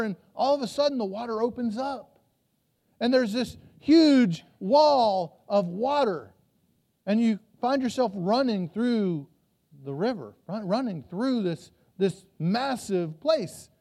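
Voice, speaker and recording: A man's voice: very high voice, lively intonation, unhurried, a little mellow. A pastor preaching a sermon to a church, telling the story and acting out voices from it, often repeating his words as he goes.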